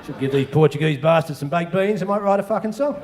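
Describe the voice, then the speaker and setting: A man's voice: on the high side, fast, noisy background. Swearing Australian man doing stand-up. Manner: profane, rambling storytelling. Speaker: stand-up comedian. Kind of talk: stand-up comedy routine. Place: large exhibition hall stage. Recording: echoey live venue recording.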